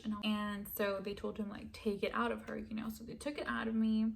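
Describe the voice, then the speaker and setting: A young woman telling a personal story in a casual, animated way, dropping to a whisper when she quotes herself. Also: mid-range voice, fairly quick, gravelly, hardly any pauses, slight background noise. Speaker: vlogger.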